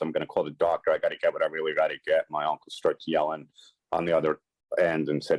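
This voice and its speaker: A man with an extremely deep voice speaks as a podcast guest, recounting a personal story with earnest emphasis. He slips into quoted dialogue as he tells it. The sound is dry and close, with no room echo. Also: steady tone, fast. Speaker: podcast guest, sports and celebrity agent. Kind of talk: personal recovery story told in conversation.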